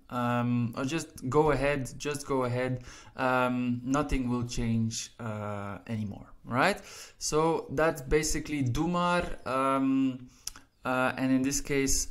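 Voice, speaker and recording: A man teaching a language lesson, explaining example sentences step by step, slowing down to read each one and often checking in with "right?". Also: medium pitch. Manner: repeats "right?" and "all right?" after points, slows down to read example sentences.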